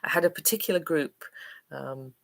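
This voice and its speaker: A woman's voice: low-pitched, normal speed, creaky, fairly bright tone. A woman from Manchester, an English teacher, chatting on a livestream Q&A in a hesitant, friendly way with lots of ums and uhs. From Manchester, England.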